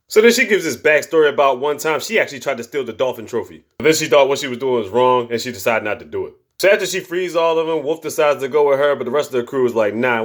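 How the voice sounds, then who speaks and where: Fast-talking profane male movie recapper. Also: on the high side. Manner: profane, slangy, animated retelling with quoted character lines. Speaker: movie reviewer.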